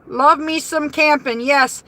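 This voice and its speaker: A woman's voice: high-pitched, steady tone, takes it slowly, fairly bright tone. A woman from Michigan, a rideshare driver, chatting casually and saltily on a livestream from her car, laughing easily. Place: inside a car.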